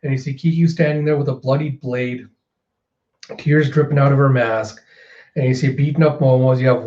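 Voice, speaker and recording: Animated man recapping in a mellow voice. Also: medium pitch, normal speed. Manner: animated, retelling with frequent fillers. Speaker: manga reviewer. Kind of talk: casual reaction commentary. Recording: roomy, slightly dull recording.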